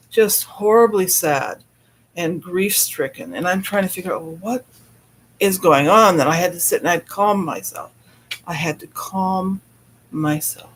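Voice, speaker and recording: A man hosting a live stream, talking casually and personally, laughing often and breaking off to greet viewers in the chat. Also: high-pitched.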